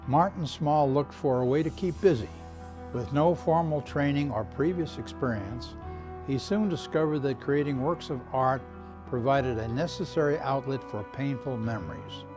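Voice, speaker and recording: A man reading scripted documentary narration in a measured, even delivery. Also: medium pitch. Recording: narration over clear music.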